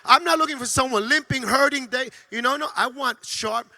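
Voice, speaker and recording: Bright, gravelly-voiced man giving a pep talk. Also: very high voice, brisk. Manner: energetic and emphatic, with frequent stammered restarts. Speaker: sales trainer speaking to a team. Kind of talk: motivational corporate training talk.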